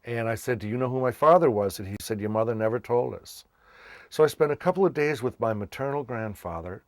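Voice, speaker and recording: A man's voice: medium pitch, a little fast, dry recording, studio quality. A man from Massachusetts, a children's entertainer, casually telling his life story and acting out the voices of people he met. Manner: animated, acts out quoted voices.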